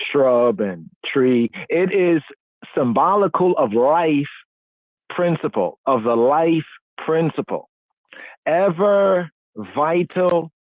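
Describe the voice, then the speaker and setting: A man's voice: medium pitch, no room sound. A man hosting a podcast, teaching scripture in a repetitive cadence and often checking in with "right?", heard over a phone line. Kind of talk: call-in radio podcast teaching. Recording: dry tinny phone-line audio.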